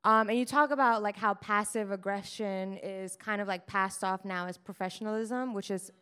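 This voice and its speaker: Woman host, frank, casual interview, smooth clear voice. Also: mid-range voice, fairly even intonation, moderate pace, pushed and bright. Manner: frank, blunt asides. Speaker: podcast host.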